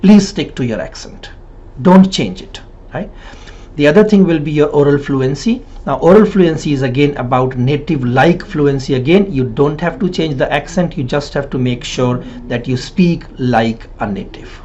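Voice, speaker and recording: A man's voice: on the high side, lively intonation, moderate pace, darkish tone, a little hiss or hum. Direction: Hindi-man coaching, emphatic. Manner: emphatic, repeats points, frequent tag "right?". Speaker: PTE and IELTS trainer. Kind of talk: spoken exam-coaching lesson. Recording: slightly dull lo-fi sound.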